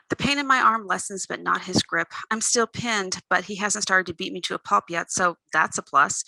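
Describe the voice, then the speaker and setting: Woman author, gravelly reading voice, very bright, expressive first-person narration. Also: fairly low pitch, moderate pace, few pauses, dry recording, poor audio. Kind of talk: reading her own novel aloud.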